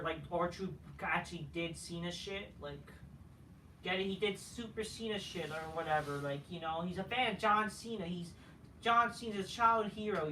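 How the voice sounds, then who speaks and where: A man's voice: high-pitched, sharp tone. A man giving a casual ranting review of a wrestling show, profane, dismissive and rambling. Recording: roomy, faint noise, from a distance.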